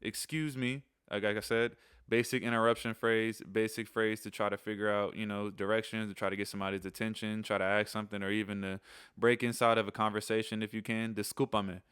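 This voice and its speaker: A man hosting a casual spoken lesson, relaxed, repeating key phrases slowly between chatty asides. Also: lowish voice, clean tone, no room sound, clean studio sound. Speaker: channel host teaching phrases.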